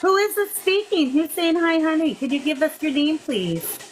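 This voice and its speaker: A woman hosting a paranormal investigation, gently coaxing a spirit in a soft, encouraging way and calling it "darling.". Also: high-pitched, sing-song, normal speed, slight background noise, rough recording. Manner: gentle, coaxing, calls the unseen listener "darling" and "sweet pea". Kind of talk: live spirit-communication session. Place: indoors beside a table of ghost-hunting gear.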